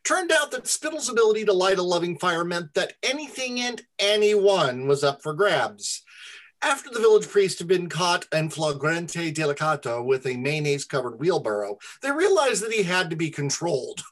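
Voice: medium pitch, sing-song, normal speed. A storyteller reading their own comic fantasy story aloud to friends, with a wry, self-deprecating delivery.

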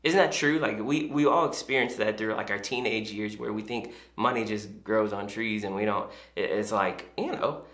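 A man's voice: mid-range voice, animated, normal speed, fairly bright tone. A male pastor giving a sermon in a conversational, storytelling way. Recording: echoey room.

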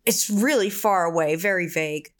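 A woman reading a session transcript aloud, describing things in a halting, searching way with many fillers. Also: lowish voice.

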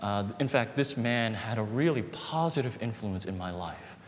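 A man in his thirties preaching a sermon, telling personal stories with lively rises and quiet drops. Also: normal speed. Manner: storytelling, animated with dips to quiet. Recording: reverberant hall with faint rumble.

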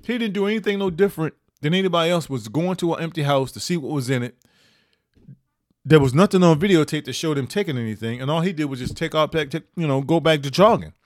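A man hosting a podcast, giving opinionated year-end commentary with emphatic delivery and sudden high rises on stressed points. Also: fast, no room sound, clean studio sound. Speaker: podcast host.

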